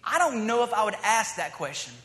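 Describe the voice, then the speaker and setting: A man's voice: high-pitched, very animated, a little fast, a bit bright. A man preaching a sermon in a casual, conversational way, acting out the dialogue of the scripture he reads. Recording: long hall reverb.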